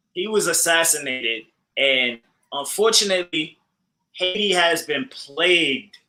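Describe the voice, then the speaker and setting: Bright, animated male co-host speaking casually and addressing the audience as family. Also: a little high, low-quality recording. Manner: animated, repeats phrases, addresses listeners as family. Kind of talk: casual commentary.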